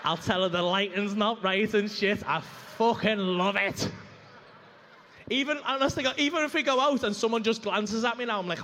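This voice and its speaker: A man's voice: high-pitched, moderate pace, pushed and bright, in a large hall, a little hiss or hum. A young man telling a rambling, sweary stand-up story on a comedy club stage. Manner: brash, sweary, rambling anecdote full of asides.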